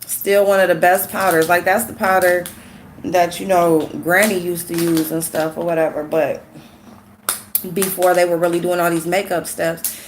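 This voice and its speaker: A woman with a sick, hoarse voice chatting casually with viewers while doing her makeup, greeting them by name and gossiping. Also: lowish voice, flat delivery, normal speed, a little hiss or hum. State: sick, hoarse voice with a runny nose. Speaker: YouTube commentary host.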